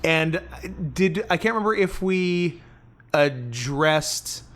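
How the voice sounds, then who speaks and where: A man's voice: on the high side, animated, slow, a bit bright. A young man co-hosting a podcast in casual banter, rambling and trailing off, laughing often. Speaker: podcast co-host.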